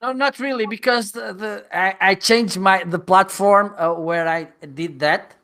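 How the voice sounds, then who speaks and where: Slow, high-voiced man searching for words. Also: pushed and bright. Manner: halting, searches for words mid-sentence. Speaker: panelist. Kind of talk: casual discussion. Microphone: video call.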